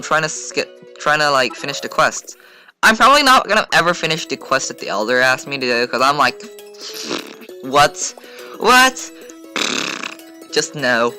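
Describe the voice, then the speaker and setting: Bright-voiced man rambling over gameplay. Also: a little high. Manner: rambling, filler-heavy, chatty. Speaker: gaming channel host. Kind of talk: casual gameplay commentary.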